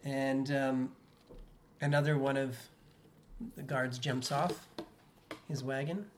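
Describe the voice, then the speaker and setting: A game master calmly narrating a tabletop game and calling for dice rolls, in a measured manner with fillers. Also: mid-range voice. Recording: echoey room with background noise.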